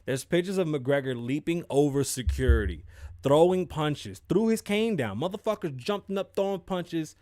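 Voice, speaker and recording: A young man hosts a casual podcast, ranting in an animated, profane way about sports news. His voice sits on the high side and sounds dry and close, with no room in it. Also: moderate pace, no echo. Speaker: podcast host. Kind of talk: casual commentary.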